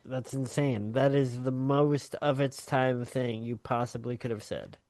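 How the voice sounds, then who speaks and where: A man's voice: medium pitch, steady tone, measured pace, darkish tone, dry recording, studio quality. A man in his thirties co-hosting a podcast, talking casually and reasoning things through aloud. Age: 30s. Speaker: podcast co-host. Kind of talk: casual chat.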